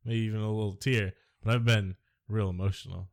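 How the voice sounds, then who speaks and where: A man's voice: lowish voice, steady tone, fairly quick, creaky. A man co-hosting a casual movie podcast, joking and rambling between facts about the film. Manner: jokey, rambling, silly impressions. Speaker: podcast co-host.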